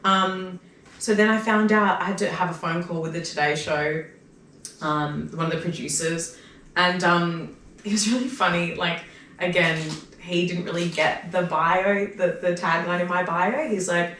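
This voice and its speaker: Lively Australian woman telling stories. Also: lowish voice, a little slow, slight background noise. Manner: animated storyteller who acts out her own quoted lines. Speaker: comedian guest. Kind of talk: casual podcast chat. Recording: echoey room, mic far off.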